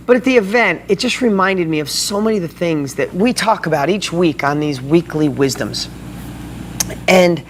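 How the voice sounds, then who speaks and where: A man hosting a motivational video blog, talking to viewers in an excited, fired-up way. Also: high voice, a little hiss or hum.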